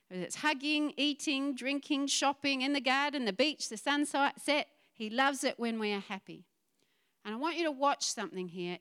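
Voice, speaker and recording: A woman giving a chatty, lively sermon, laughing and acting out quoted voices. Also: on the high side, clean tone. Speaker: pastor.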